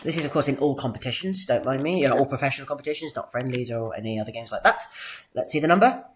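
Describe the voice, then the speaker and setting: A man hosting a podcast quiz in a playful game-show manner, drawing out announcements and squeaking out jingle noises. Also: lively intonation, a crowd in the background. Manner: theatrical, drawn-out announcements with sudden high-pitched jingles. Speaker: podcast host running a quiz.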